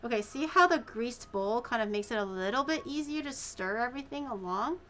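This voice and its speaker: A woman's voice: fairly high pitch, expressive, fairly quick, a bit bright. A woman streaming herself cooking at home, chatting casually in a rambling way with exaggerated reactions. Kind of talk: casual livestream chat.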